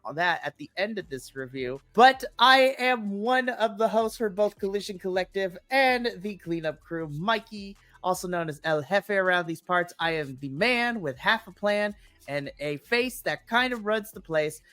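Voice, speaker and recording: A man's voice: sits high, expressive, normal speed, a bit bright, dry recording. Casting: young male podcast co-host, playful and theatrical, dead dry sound. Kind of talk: late-night podcast chat.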